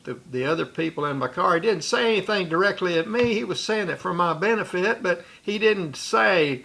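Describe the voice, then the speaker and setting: A man's voice: high-pitched, animated, fairly quick, creaky, few pauses, sharp tone. A man recounting a personal memory in a rambling way, with restarts and asides. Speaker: storyteller.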